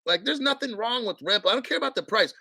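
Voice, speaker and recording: Male crypto streamer, blunt and foul-mouthed, dry close sound, forceful tone. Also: very high voice, expressive, fast, dry recording. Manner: blunt, profane, combative; clears his throat often. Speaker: crypto channel host. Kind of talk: livestream rant.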